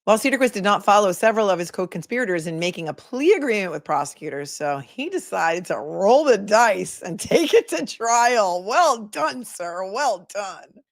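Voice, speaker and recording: A woman's voice: mid-range voice, expressive, moderate pace. A woman, an attorney, hosting a casual livestream, chatting and laughing often as she reads viewer comments aloud.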